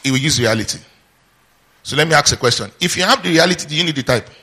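A man with a slightly high, slightly rough voice preaches a sermon fast. He draws call-and-response answers, asking the congregation to finish his sentences, and teaches in a lively way with asides and laughter.

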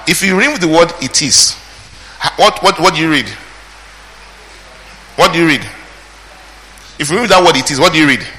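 Bright-voiced male preacher in a reverberant hall. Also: mid-range voice, slight background noise. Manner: questioning the congregation, call and response. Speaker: preacher teaching scripture. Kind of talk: sermon, verse-by-verse Bible teaching. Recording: hall reverb, faint ambience.

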